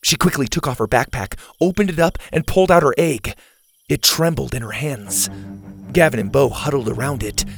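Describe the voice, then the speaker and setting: A man narrating a children's adventure story in an expressive, animated way. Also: mid-range voice, normal speed, vocal fry, music in the background.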